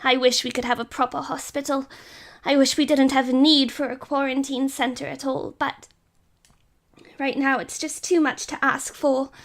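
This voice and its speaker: A woman's voice: sits high, level tone, normal speed. A woman voicing an elderly female brown squirrel in a tabletop game, speaking earnestly and with determination. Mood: determined.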